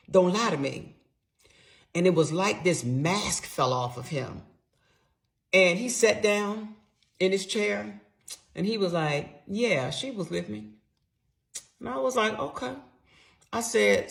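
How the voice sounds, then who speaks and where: A woman's voice: on the low side, fairly bright tone. A middle-aged woman telling her own story with feeling, acting out both sides of an argument. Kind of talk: emotional personal storytelling.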